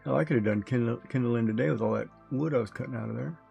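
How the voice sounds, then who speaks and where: A man's voice: mid-range voice, quick pace, creaky, mellow, faint music behind. A man streaming, chatting casually with his live audience, rambling along and chuckling often.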